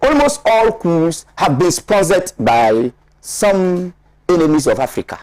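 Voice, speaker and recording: A man's voice: high-pitched, animated, a little slow, darkish tone, dry recording. Emphatic man lecturing on a studio panel. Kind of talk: studio discussion analysis.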